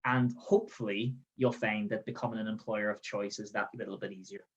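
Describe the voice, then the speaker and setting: A man's voice: lowish voice, fairly even intonation, a little fast, dull audio. A man giving a training webinar, explaining step by step and checking in with the listener with a frequent "okay?". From Northern Ireland. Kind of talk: webinar presentation. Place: outdoors in the sun.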